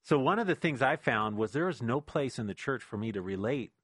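A middle-aged man hosts a faith talk show in an earnest, conversational way, often restarting his sentences. His voice sits at an ordinary pitch for a man. The sound is dry and close to the mic. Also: expressive, fairly quick, fairly bright tone, dry recording.

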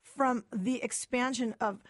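A young adult woman giving her personal testimony as a guest in a talk-show interview, animated and acting out quoted dialogue. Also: on the high side, slow pace, dry recording.

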